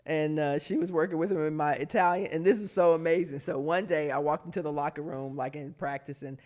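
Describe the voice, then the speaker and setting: A lively woman in her fifties spins anecdotes in a podcast interview. She laughs easily and acts out the voices of people she quotes, leaping up in pitch for them. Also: brisk. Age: 50s. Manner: animated, acts out quotes with big pitch jumps, laughs often. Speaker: guest, former pro basketball player.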